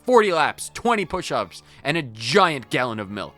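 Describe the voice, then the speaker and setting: A man voicing a brash, burly martial arts trainer in a video game, bossy and gruff, with a thick put-on accent. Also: on the high side, very animated, moderate pace, pushed and bright, faint music behind.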